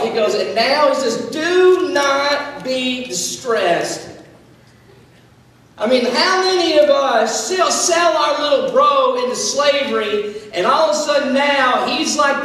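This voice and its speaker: A man with a high voice tells a Bible story as a laid-back sermon, chatty and animated, with plenty of "like" and restarts. He is heard from far off in a large hall, and his words ring in a long, echoing reverb. A faint hum of noise sits underneath. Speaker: student speaker.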